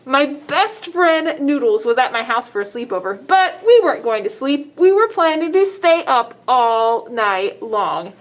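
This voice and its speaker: A woman reading a picture book aloud to young children, her voice sitting high and leaping all over the place as she plays up the drama. She takes her time, lingering on words. Every few pages she turns to the listeners with a question. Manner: expressive, dramatic exclamations, asks children questions. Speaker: children's librarian.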